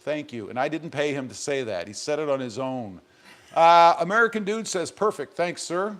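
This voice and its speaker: A man chatting casually as he hosts a live stream from his garage. He reads out viewer comments one by one, joking and rambling between them, with a voice pitched a bit high for a man. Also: expressive, normal speed, a bit bright. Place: home garage.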